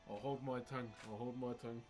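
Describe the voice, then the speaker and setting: A man with a New Zealand accent chatting casually with viewers during a live stream, cheeky and laughing often. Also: mid-range voice. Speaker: live-streaming wood carver.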